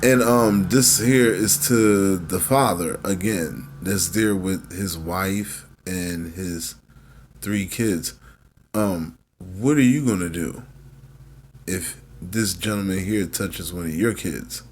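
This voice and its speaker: A man's voice: deep voice, slow, slight background noise. A man hosting a live stream, giving blunt, mocking commentary on a clip. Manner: sarcastic, blunt. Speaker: stream host reacting to a clip.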